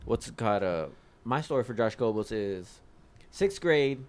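A man casually swapping stories with friends, often laughing. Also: lively intonation. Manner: slow, laughing, wide swings in pitch. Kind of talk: casual storytelling among friends.

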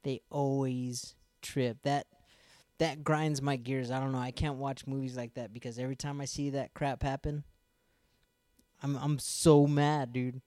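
A man's voice: mid-range voice, level tone, measured pace, mellow, dry recording, studio quality. Laid-back man ranting about movies. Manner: laid-back, says dude a lot. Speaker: podcast co-host. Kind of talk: casual live-stream chat.

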